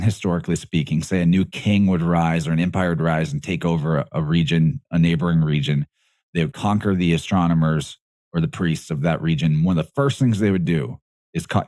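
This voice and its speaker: A man's voice: sits low, darkish tone, no echo, studio quality. A man speaking as a guest on a podcast, explaining in a casual, rambling way, often correcting himself and laughing mid-sentence.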